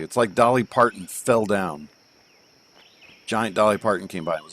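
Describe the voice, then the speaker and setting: A man's voice: on the low side, normal speed, fairly bright tone. A man streaming live, reviewing golf courses in a rambling, joking way from home and thinking aloud with plenty of fillers. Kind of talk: casual live game commentary.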